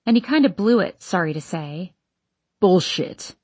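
Woman, audiobook narrator, first person, wry, breathy, dry recording. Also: mid-range voice, animated, fairly quick, darkish tone, no echo.

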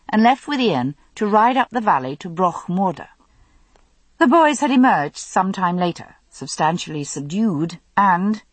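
Female audiobook narrator, measured first-person reading, slightly low and husky. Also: no room sound.

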